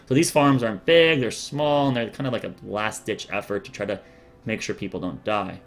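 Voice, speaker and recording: A man's voice: on the low side, fairly even intonation, fairly quick. A man narrating a tabletop game as dungeon master, casual and rambling, with many fillers.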